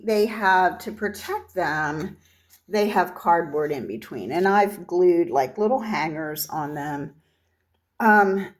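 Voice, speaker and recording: Slow, low-voiced woman in her sixties. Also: reverberant. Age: 60s. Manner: rambling, sentimental, many fillers and restarts. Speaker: seller of vintage art tiles. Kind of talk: impromptu sales video. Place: her shop.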